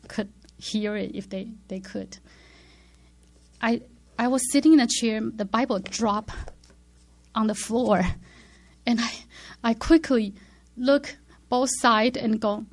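A woman giving an earnest personal spiritual testimony, acting out her inner dialogue and dropping into hushed whispers as she relives moments. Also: a little high, creaky, husky.

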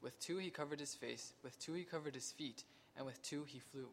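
Male congregant, quiet measured scripture reading, distant from the mic, hall reverb. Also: on the high side. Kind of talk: reading aloud.

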